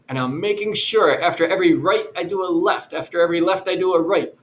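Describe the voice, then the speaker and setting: A male music teacher giving a patient, clear drumming lesson in a classroom, chanting rhythms for his students. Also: high-pitched, fast, hardly any pauses, roomy sound, rough recording. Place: classroom with a chalkboard.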